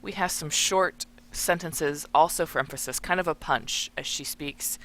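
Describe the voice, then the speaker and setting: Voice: medium pitch, moderate pace, bright, forceful tone. A teacher walking through a text in a recorded lesson, explaining and thinking aloud while annotating it.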